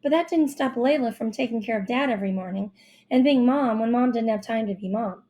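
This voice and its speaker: A woman reading a first-person children's novel aloud with expressive, youthful storytelling. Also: a little high, a little fast. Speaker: audiobook narrator.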